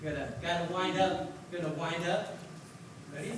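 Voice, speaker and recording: A man's voice: sits high, fairly even intonation, moderate pace, heavy background noise, natural voice. A man playing a boastful young shepherd hero in a live church skit, talking playfully and laughing often. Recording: echoey hall, distant mic, loud crowd.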